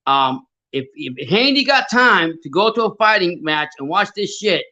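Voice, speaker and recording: A man's voice: sits high, animated, normal speed, pushed and bright, lo-fi sound. A man hosting a live fight reaction stream, swearing, stammering and answering chat comments.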